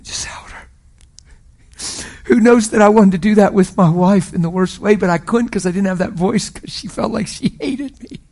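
A middle-aged man preaching a sermon with a somewhat high-pitched voice. He tells his story with strong emotion, rising loud and then dropping to a hush. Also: a little fast, hardly any pauses. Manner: emotional storytelling, shifts from loud to hushed whispers. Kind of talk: sermon testimony.

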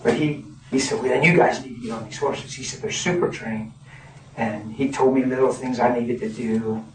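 A man in his fifties preaching a sermon, folksy and animated, laughing as he tells stories. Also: mid-range voice, normal speed, a little hiss or hum. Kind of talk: sermon with storytelling. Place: church hall. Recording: echoey hall from far off, crowd. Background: congregation.

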